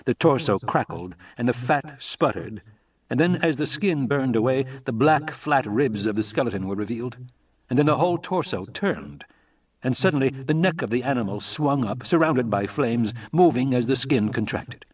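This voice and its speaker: A man's voice: medium pitch, expressive, normal speed, husky, recorded from a distance. A man reading a novel aloud as a live audiobook, narrating steadily. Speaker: audiobook reader.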